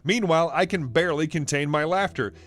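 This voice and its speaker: A man's voice: fairly high pitch, a little fast, a bit bright, faint music behind. A man narrating a first-person story in a wry, dryly sarcastic storytelling manner.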